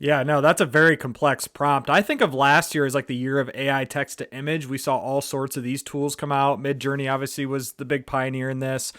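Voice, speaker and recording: A man's voice: medium pitch, fairly even intonation, brisk, hardly any pauses, fairly bright tone, dry recording, clean studio sound. A man hosting a podcast interview, asking questions in a casual, conversational way. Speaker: podcast host.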